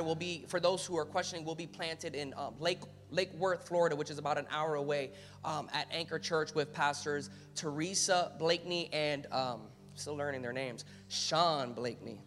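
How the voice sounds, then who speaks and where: A man preaching a sermon as pastor, talking casually at times and building to loud, emphatic calls to the congregation. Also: on the high side, steady tone, normal speed, big-room sound, a little hiss or hum. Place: church sanctuary.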